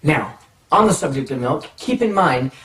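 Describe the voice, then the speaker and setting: A man telling a comic personal story to the camera, animated and self-mocking. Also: a little high, normal speed. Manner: animated, self-mocking, acts out voices in his stories. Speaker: storytelling vlogger. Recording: echoey room, mic far off.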